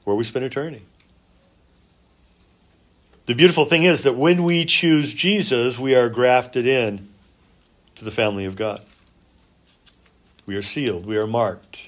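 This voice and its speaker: Conversational man preaching a sermon. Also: lowish voice. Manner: conversational, many fillers and restarts. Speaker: pastor.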